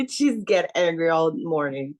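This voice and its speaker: Middle-aged mother, low-pitched, unhurried and halting, casual storytelling over a video call. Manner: slow, halting with many fillers. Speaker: parent sharing in a support group.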